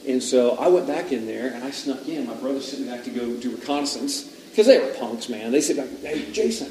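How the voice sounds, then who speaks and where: Man, casual storyteller, animated and laughing, distant mic, faint background hiss. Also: mid-range voice, brisk, reverberant. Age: adult father. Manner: animated, laughing, rises to loud retellings. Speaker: podcast speaker.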